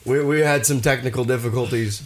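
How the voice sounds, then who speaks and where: A man's voice: medium pitch, steady tone, a little fast, slight background noise. A man from the Boston area with a Boston accent, cracking crude jokes as a podcast host who keeps cutting in. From Boston area, Massachusetts. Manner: loud, joking, keeps cutting in with "hey". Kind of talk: crude casual podcast banter.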